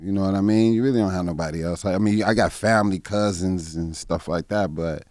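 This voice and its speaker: A comedian in his fifties, guesting in a candid interview, speaks in a very deep, slightly mellow voice. He's halting and reflective, full of fillers and restarts, captured in a dry, close studio with no room echo.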